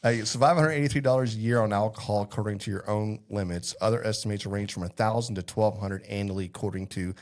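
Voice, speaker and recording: A man's voice: on the low side, fairly even intonation, quick pace, few pauses. A Texan man co-hosting a podcast, bantering and laughing easily in casual chat. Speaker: podcast co-host.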